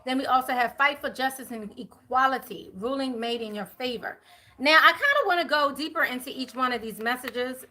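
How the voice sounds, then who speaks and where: A woman giving a chatty live tarot reading, talking to viewers and spirits, with many fillers and quick apologies. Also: a little high, bright, forceful tone, slight background noise. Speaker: tarot reader.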